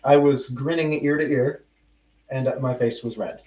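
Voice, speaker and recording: A man's voice: medium pitch, fairly even intonation, measured pace, a little mellow. Young male podcast host, self-mocking storyteller, muffled distant sound. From United States. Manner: rambling, self-mocking, restarts mid-sentence. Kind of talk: casual storytelling chat. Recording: roomy, distant and muffled mic.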